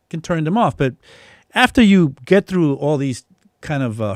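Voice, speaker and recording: A man teaching music production in a relaxed, casual demonstration, thinking aloud with frequent restarts. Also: mid-range voice, dry recording, studio quality. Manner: reads chat comments aloud. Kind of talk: casual live-stream demonstration. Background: synthesizer tones.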